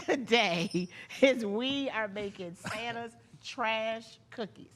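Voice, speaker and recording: A woman's voice: on the high side, slow pace, a little hiss or hum. A woman guest chef on a morning TV cooking segment, talking in a playful, sassy, joking way.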